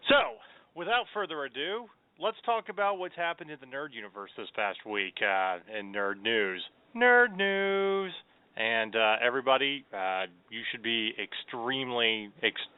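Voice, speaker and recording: A man's voice: medium pitch, moderate pace, smooth, dry recording. Chatty male host, tinny phone-like sound. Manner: upbeat, chatty, rambling with fillers. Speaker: podcast host. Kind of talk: casual radio show chat.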